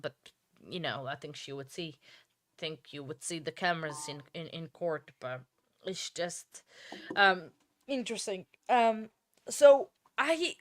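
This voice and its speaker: Woman host, bright voice, dry close mic, tired, chatty crime-stream commentary. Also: on the low side, no echo. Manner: chatty, rambling, apologetic asides. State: tired, yawning. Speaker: true crime livestream host. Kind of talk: casual commentary on a court livestream.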